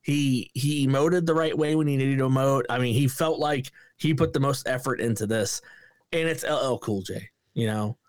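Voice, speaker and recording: A man's voice: mid-range voice, normal speed, dry recording, clean studio sound. A man co-hosting a casual movie review podcast, swearing freely and mimicking lines in sudden put-on voices. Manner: profane, animated, mimics lines with bursts of voices. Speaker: podcast co-host.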